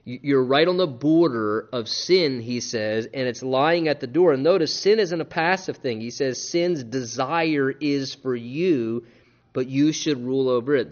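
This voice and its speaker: A man preaching a sermon in an earnest, animated way, often repeating himself and restarting his sentences. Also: medium pitch, dull audio. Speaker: pastor.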